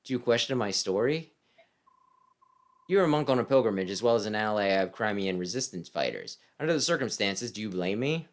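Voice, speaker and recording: A man voicing a calm, serene older male monk in a soft, hushed way while reading a game aloud. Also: lowish voice, fairly quick.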